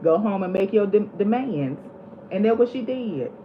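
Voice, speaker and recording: With an expressive, medium-pitched voice at a moderate pace, a woman on her vlog talks casually and relives film scenes with lots of animation. Faint hiss runs under the slightly dull, lo-fi sound.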